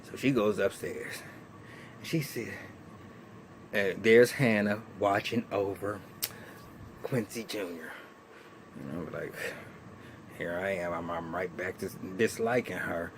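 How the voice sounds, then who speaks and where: A man's voice: fairly low pitch, measured pace, long pauses, slight background noise. A man casually recapping and reviewing a TV episode, chatty and colloquial, with frequent restarts and laughter.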